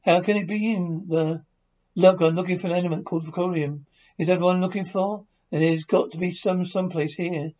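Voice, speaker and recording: A man's voice: high voice, steady tone, brisk, darkish tone, lightly acted. An actor playing a stranded human astronaut, earnest and stammering as he explains himself in a science-fiction TV drama. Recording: dull lo-fi TV sound.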